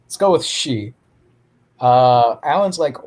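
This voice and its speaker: A man's voice: medium pitch, animated, moderate pace, darkish tone. A man co-hosting a podcast, recapping a comic in a joking way and acting out the characters' lines. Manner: jokey, acts out character lines. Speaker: podcast co-host. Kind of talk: casual comic-book recap.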